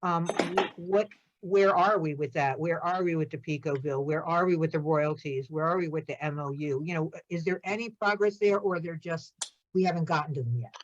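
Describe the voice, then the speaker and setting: A woman, a board member, speaking deliberately and pausing to think during a meeting over a video call. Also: low-pitched, a little hiss or hum. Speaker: board member reviewing accounts. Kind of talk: business meeting discussion. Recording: dull video-call audio.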